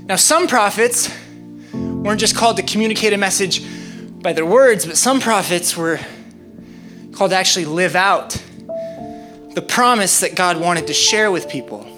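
A man's voice: sits high, moderate pace, long pauses, over music. A young man preaching to children, out of breath and talking in jokey, laughing asides. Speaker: youth preacher. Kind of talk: energetic kids' sermon.

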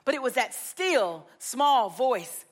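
A woman preacher delivering an earnest, expressive sermon and retelling scripture with feeling. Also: a little high, slow pace.

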